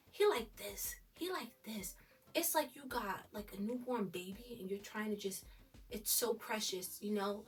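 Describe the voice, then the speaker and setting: A woman recapping a TV episode in animated, gushing casual commentary. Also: on the high side, distant mic. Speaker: TV recap vlogger.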